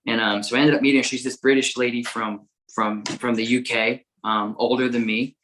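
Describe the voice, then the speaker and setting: A man who is a guest on a dog-training podcast tells a story in a casual, animated way. His voice is bright and forceful. He stumbles over repeated words and swears freely as he gets caught up in the story. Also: medium pitch, brisk, poor audio.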